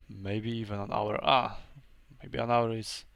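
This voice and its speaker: Hesitant man with smooth, dry voice. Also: on the low side, a bit bright, no echo. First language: Polish. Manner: hesitant, thinking aloud with fillers. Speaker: game commentator. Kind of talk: casual gameplay commentary.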